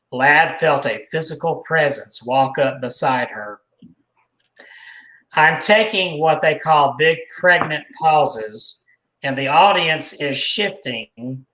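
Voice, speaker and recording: A man with a fairly high, pushed, bright voice hosts a podcast, reading a news article aloud in a conversational way and adding his own asides. The recording sounds like it was made in an echoey room.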